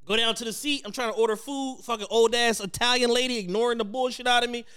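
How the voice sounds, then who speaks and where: A man co-hosting a podcast, telling a story in casual chat, animated and profane, acting out other people's lines. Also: extremely high pitch, quick pace, clean tone. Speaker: podcast co-host.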